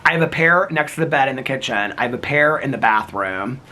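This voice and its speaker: A man's voice: mid-range voice, expressive, a little fast, pushed and bright. A middle-aged man vlogging in a rambling casual chat, laughing often as he talks.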